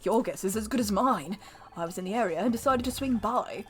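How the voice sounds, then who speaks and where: A woman's voice: mid-range voice, brisk, lightly acted. A woman voicing a flamboyant British gay male makeup artist, reading game dialogue in a put-on British accent with a theatrical drawl. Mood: dramatic.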